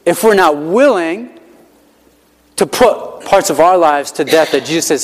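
A man's voice: fairly high pitch, lively intonation, measured pace. A male pastor preaching a sermon in a conversational, emphatic way, repeating key lines and often saying "like". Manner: conversational, emphatic repetition, frequent "like" fillers. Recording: hall with long reverb.

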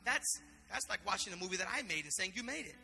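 A man's voice: high-pitched, lively intonation, fast talker, gravelly, bright, forceful tone, in a large hall. A man preaching a sermon in an impassioned, conversational way, often repeating himself. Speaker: pastor.

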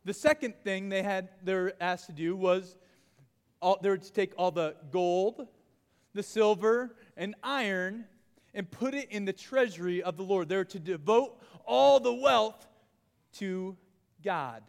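A man leading a youth group lesson in a playful, animated way, calling out to the crowd. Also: sits high, measured pace, gravelly, clear, resonant tone. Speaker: youth pastor. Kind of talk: energetic youth group lesson with audience game. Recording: long hall reverb.

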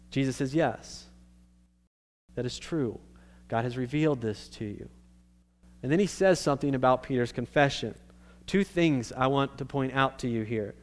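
A male pastor preaching a sermon in a conversational way, checking in with his listeners and restarting his phrases. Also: mid-range voice.

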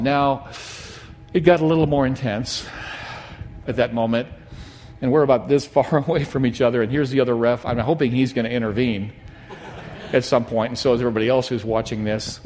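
A middle-aged man preaching a sermon, telling a personal story in an animated, emphatic way. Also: mid-range voice, brisk. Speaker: pastor.

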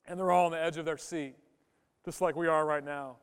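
A male pastor with a high, smooth voice delivers an emphatic sermon. He keeps putting questions to his congregation. His words ring out with a long reverb through a church hall. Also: steady tone, fairly quick. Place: church sanctuary.

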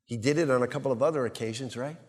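A male pastor preaching a sermon, swinging between loud emphasis and hushed quiet and asking the congregation rhetorical questions. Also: mid-range voice, very fast, in a large hall.

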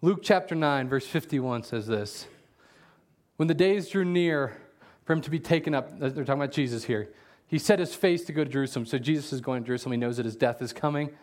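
A man preaching a casual sermon as a pastor, telling jokey stories with loud animated bursts and reading scripture slowly aloud. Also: mid-range voice.

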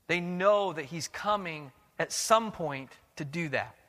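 A man's voice: fairly high pitch, slow pace, a bit bright, in a large hall. A man preaching a sermon as pastor, earnest and questioning, often restarting his words.

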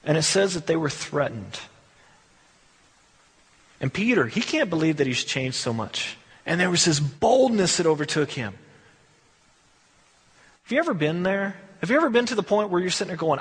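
A man with a fairly high, slightly husky voice preaches to his congregation. He talks in an easy, conversational way, stressing his points and asking rhetorical questions. The sound rings with a long reverb from a church hall. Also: very animated, normal speed, long pauses. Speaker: pastor. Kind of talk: sermon.

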